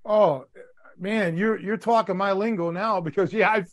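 A man's voice: sits high, steady tone, normal speed. A man hosting a podcast, asking chatty, encouraging questions full of fillers. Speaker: podcast host. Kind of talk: casual interview.

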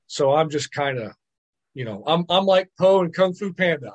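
A man, a podcast guest, telling stories in lively casual chat, often repeating words and checking in with "right?". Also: fairly high pitch, moderate pace, muffled recording. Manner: animated storyteller, repeats words and asks "right?". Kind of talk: casual storytelling.

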